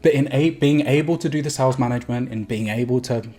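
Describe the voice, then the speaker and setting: A man talking straight to camera as a sales coach, energetic and emphatic, with quick laughs and casual swearing between phrases. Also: medium pitch. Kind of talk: direct-to-camera vlog.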